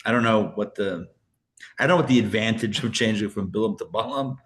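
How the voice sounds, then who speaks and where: A man's voice: fairly low pitch, fairly quick, fairly bright tone. A man teaching a live Torah class as a rabbi, chatty and full of fillers and restarts, with joking asides.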